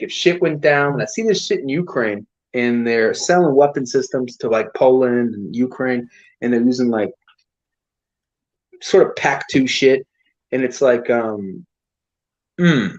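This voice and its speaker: A man, an army veteran, telling war stories to old comrades in a casual, profane, animated way. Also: mid-range voice, muffled recording. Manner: profane, animated storytelling with acted quotes.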